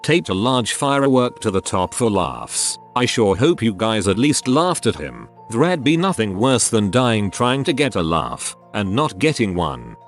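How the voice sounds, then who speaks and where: Lively low-voiced man reading stories. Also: a little slow, few pauses, soft background music. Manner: wry, with joking asides between stories. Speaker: story narrator. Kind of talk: scripted narration of online stories.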